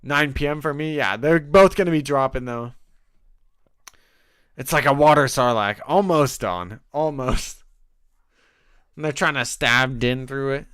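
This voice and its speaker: A man hosting a casual live watch-along stream, cheering loudly and greeting chat viewers. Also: mid-range voice, measured pace, pauses often, clear, resonant tone, no room sound, studio quality. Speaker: livestream host.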